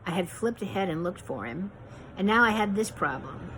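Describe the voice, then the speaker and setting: A woman reading her own memoir aloud in a measured, reflective way. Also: medium pitch, expressive, a bit bright, a little hiss or hum, rough recording.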